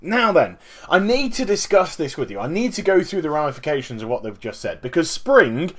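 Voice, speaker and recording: A man hosting a casual gaming commentary vlog, talking in an animated, emphatic way and explaining things step by step. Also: a little high, fairly quick. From Northern Hemisphere. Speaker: gaming video host.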